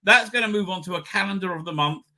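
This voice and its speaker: A man's voice: high-pitched, fast talker, sharp tone. A middle-aged man hosting a casual livestream, rambling through viewer comments with many fillers and restarts and an irreverent edge. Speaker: livestream host. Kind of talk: casual live chat reading viewer comments.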